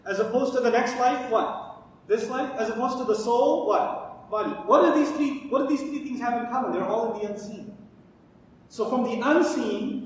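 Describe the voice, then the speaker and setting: A man teaching Quran commentary, asking his audience questions and answering them himself. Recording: echoey hall, distant mic, faint rumble.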